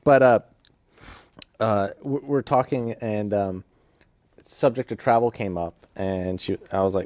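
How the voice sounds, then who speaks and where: A man's voice: fairly low pitch, a little slow, darkish tone, no room sound. A man hosting a podcast who tells a casual story in a rambling way. He keeps interrupting himself and laughs at his own story. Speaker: podcast host.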